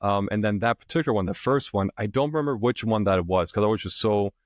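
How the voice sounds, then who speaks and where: A man from Germany, a podcast guest and author, telling his own story in a relaxed, animated way that often ends lines with a quick question. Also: lowish voice, no room sound, studio quality. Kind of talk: casual storytelling.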